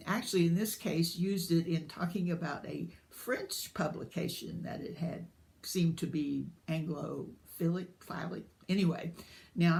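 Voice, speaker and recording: A woman's voice: lowish voice, gravelly, darkish tone. An older American woman with a light Southern drawl, chatting casually and rambling from topic to topic in a book vlog. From United States. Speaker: booktuber.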